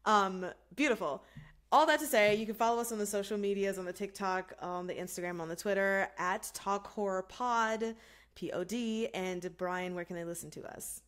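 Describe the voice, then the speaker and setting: A woman's voice: mid-range voice, normal speed, a bit bright. A woman hosting a podcast, chatting casually in an upbeat, giggly way. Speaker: podcast host. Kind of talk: casual chat.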